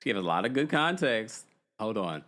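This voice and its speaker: Animated man hosting a call-in gossip show. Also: lowish voice, normal speed, crowd noise. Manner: animated, jokey, reads messages aloud. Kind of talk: casual call-in show chat, reading super chats.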